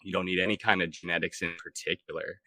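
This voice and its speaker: Laid-back low-voiced man, bright tone. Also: fast talker, no room sound, poor audio. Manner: relaxed, laid-back, many fillers. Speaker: podcast co-host. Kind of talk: casual podcast chat.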